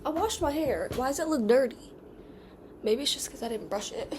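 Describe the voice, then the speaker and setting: A woman from the United States chatting casually at home in a rambling, distracted vlog, clearing her throat now and then and slipping into an odd put-on accent. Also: sits high, animated, brisk, background noise. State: occasional coughing and throat clearing. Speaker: vlogger.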